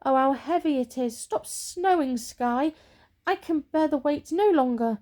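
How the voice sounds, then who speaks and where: Boastful fir tree, grumbles and frets, soft-voiced by a woman, whispered role-play, higher voice. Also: measured pace. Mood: complaining. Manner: grumbling, self-pitying. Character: proud boastful fir tree, later humbled.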